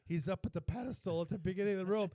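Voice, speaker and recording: A man's voice: high voice, very fast, dark tone, no room sound. Profane, rambling male podcast storyteller. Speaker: podcast co-host. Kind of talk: casual storytelling chat.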